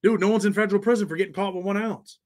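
A man's voice: sits high, steady tone, rapid-fire. An American man hosting a livestream, chatting loosely with viewers in slang and answering their comments. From United States. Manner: loose, slangy, talks straight to chat. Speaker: livestream host. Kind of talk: casual livestream chat reading viewer comments.

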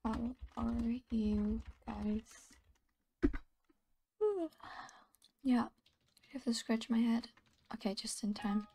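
Sleepy, whispery woman with a gravelly voice. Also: on the high side, flat delivery, takes it slowly, warm tone, slight background noise. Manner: drowsy, often half-whispering, mumbling to herself. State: sleepy and tired. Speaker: gaming channel host. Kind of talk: casual gameplay commentary.

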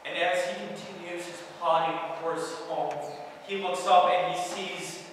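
High-voiced male preacher in an echoey hall. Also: steady tone, unhurried, a bit bright, a little hiss or hum. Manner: dramatic storytelling, addresses listeners directly. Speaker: pastor. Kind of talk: sermon. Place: church hall. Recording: echoey church hall, mic at a distance.

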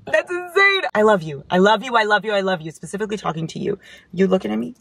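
A woman chats through a casual book haul vlog in an effusive, affectionate way, reading viewers' notes aloud between picks. Her pitch sits in an ordinary middle range, and she drops the odd swear word without fuss. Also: expressive, fast talker, creaky, a bit bright, no echo. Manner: reads fan notes aloud. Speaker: book vlogger.

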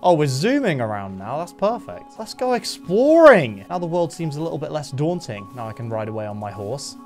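A young man narrates his gameplay in a bouncy, expressive voice that leaps up and down. He is jumpy and easily startled, coaxing his animal companion along as he goes. Soft music plays quietly behind him. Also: medium pitch, brisk. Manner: jumpy, excitable, talks to his horse, sudden yelps of fright. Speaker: gaming YouTuber. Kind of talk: live gameplay commentary.

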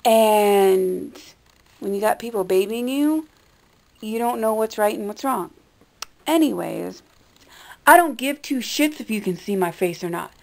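Blunt young woman with a gravelly voice. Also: mid-range voice, expressive, a little slow. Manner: blunt, swearing, defensive. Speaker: vlogger. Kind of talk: casual ranting vlog.

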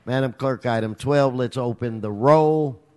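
A man running a council meeting, brisk and procedural. His voice sits at a middle pitch. The sound carries a long hall reverb. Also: a little mellow. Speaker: council president. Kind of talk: chairing a meeting. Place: council chamber.

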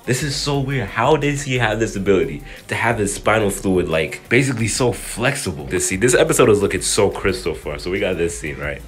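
A young man with a fairly low voice rattles off excited, slang-heavy anime commentary. His pitch swings widely as he jokes around and bursts into sudden yells. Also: a little fast, hardly any pauses, faint music behind. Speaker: anime youtuber.

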